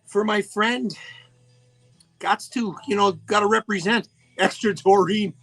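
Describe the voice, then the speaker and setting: Chatty radio host, high voice. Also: male voice, a little slow, vocal fry, sharp tone. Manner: chatty, jokey, greets listeners by name. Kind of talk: casual live radio chat. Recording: faint music behind the voice.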